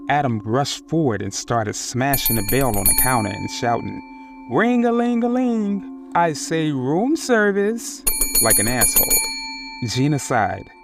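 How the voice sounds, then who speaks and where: A man narrating a first-person horror story in a steady, scripted reading. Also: medium pitch, vocal fry.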